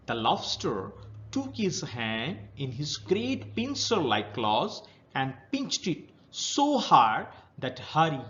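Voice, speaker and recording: Slow, lively Indian English teacher. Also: male voice, sits high, dull audio. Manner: reads a passage, then retells it in simple words. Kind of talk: reading a story aloud and explaining it.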